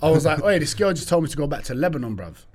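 Husky, animated man telling stories. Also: on the high side, very fast. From Turkish heritage. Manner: animated storyteller, laughs often, British slang. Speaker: podcast guest. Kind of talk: casual chat.

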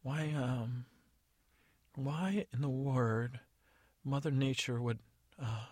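A man's voice: medium pitch, takes it slowly, darkish tone, no room sound, clean studio sound. A man voicing a frazzled, overwhelmed female Tooth Fairy in a storytelling podcast, fretful and flustered. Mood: puzzled.

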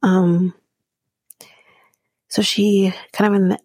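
A woman hosts a podcast recapping a reality show in casual chat, blunt and sarcastic, swearing freely and slipping into soft, whispery asides. Her voice is medium-pitched with little pitch movement, slow, and has no room sound.

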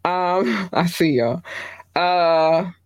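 A woman hosting her podcast in casual solo chat, warmly thanking listeners place by place and jumping high in pitch when excited. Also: very slow, clean tone, no echo, lo-fi sound. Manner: effusive, shouting out listeners by country. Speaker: podcast host.

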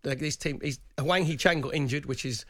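A man's voice: on the high side, a little fast, a bit bright, no echo, clean studio sound. A middle-aged man, co-hosting a casual football chat and making his points emphatically, repeating himself. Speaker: radio co-host, former footballer. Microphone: studio microphone.

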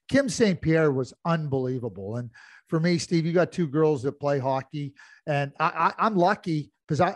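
A man's voice: a little high, darkish tone, no echo. Chatty middle-aged man, dry close sound. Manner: rambling, many restarts, tells anecdotes. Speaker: podcast co-host. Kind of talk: casual hockey chat.

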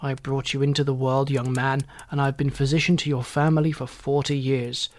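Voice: mid-range voice, unhurried, natural voice. A narrator voicing a harsh, irritable older family doctor who speaks sharply and cuttingly, in an audiobook reading. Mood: irritated. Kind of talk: audiobook character voice.

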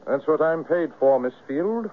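An actor playing a cool, laconic big-game hunter in a 1970s radio drama, with a dry, clipped delivery. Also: male voice, fairly high pitch, lively intonation, a little slow. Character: cool, cocky white hunter turned bewildered man. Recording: tinny lo-fi radio broadcast.

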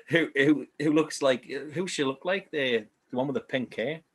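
A man's voice: medium pitch, unhurried, breathy edge. A man in casual chat, easygoing, often asking his friend to agree with him. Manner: easygoing, asks for agreement with tag questions. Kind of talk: casual chat reviewing an old puppet show.

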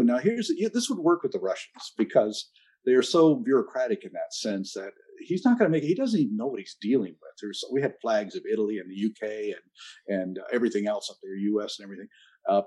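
An older man telling stories in an interview, measured and anecdotal with a dry sense of humor. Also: lowish voice, lively intonation, mellow, slightly rough. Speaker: interview guest, ocean activist. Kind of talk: storytelling interview answers.

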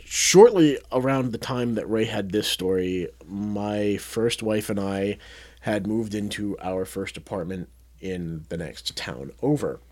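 A man co-hosting a podcast, telling a story in casual chat and acting out the quotes loudly. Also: on the low side, unhurried. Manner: animated, acts out quotes loudly. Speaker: podcast co-host.

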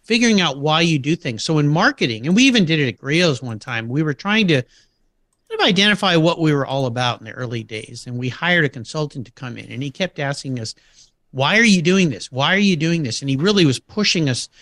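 A man's voice: a little high, expressive, brisk, fairly bright tone, dry recording. A middle-aged man telling anecdotes in a casual interview, acting out quoted voices and laughing often. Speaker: podcast guest.

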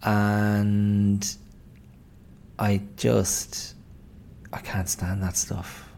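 A man's voice: on the low side, level tone, very slow, creaky, darkish tone, a little hiss or hum. An Irish man hosting a podcast, telling a story in a wry, exasperated casual monologue. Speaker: podcast host. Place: indoors at home, late night.

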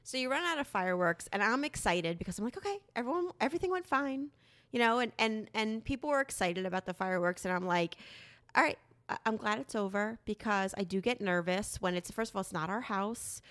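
A woman's voice: medium pitch, a little fast. A woman in her thirties in casual chat with her husband, telling a story with lots of swearing. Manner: animated storytelling, frequent swearing. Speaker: podcast co-host.

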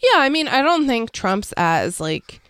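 A woman's voice: a little high, very animated, unhurried, fairly bright tone, smooth, dry recording, clean studio sound. A woman co-hosting a podcast, chatting casually and easily, hedging her points with filler words. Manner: easygoing, laughs along, hedges with filler words. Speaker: podcast co-host. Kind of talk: casual political chat.

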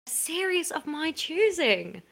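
A woman who is a regular on an improv podcast, riffing in a lively, animated way and playing mock offence. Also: sits high, measured pace, creaky. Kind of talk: casual comedic banter.

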